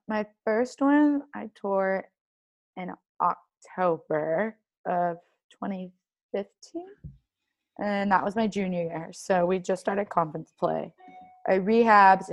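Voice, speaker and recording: Chatty young woman telling a story. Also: fairly low pitch. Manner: animated, heavy use of "like", acts out quoted dialogue. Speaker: guest, professional soccer player. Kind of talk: casual interview storytelling.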